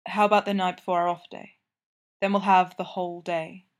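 A woman voicing a calm, dominant young man who speaks low, steady and reassuring. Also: a little fast, close to an everyday voice. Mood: promising.

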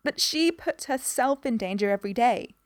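A woman's voice: on the high side, animated, brisk, darkish tone, no room sound, clean studio sound. A woman voicing an earnest, anxious young woman.

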